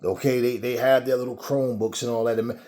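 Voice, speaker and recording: A man's voice: medium pitch, level tone, brisk, warm tone. A man delivering a heated, profane commentary monologue, repeating himself as he argues. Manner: angry, profane, repetitive.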